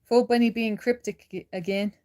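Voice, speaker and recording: A woman's voice: on the high side, fairly even intonation, normal speed, darkish tone. Woman, casual livestream chat, worn out, chatty, laughs a lot, answers viewers. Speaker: livestream host.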